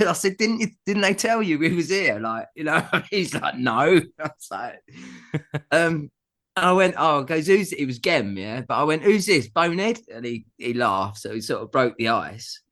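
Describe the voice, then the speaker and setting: A middle-aged man tells a long story in a relaxed chat. His voice rises and falls a lot as he acts out what people said. He laughs often as he talks. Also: fairly high pitch. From England. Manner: animated anecdote telling with laughs and acted-out quotes. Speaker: guest musician. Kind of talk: casual storytelling.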